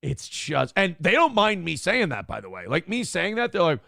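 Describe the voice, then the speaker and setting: A man hosting a live stream in a blunt, combative way, swearing freely as he reads donations aloud. His voice sits a little high for a man, with a gravelly fry. The sound is close and dry. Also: wildly swooping pitch, moderate pace, sharp tone, dry recording. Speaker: host of a live-streamed morning show. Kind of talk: casual live-stream talk reading donations.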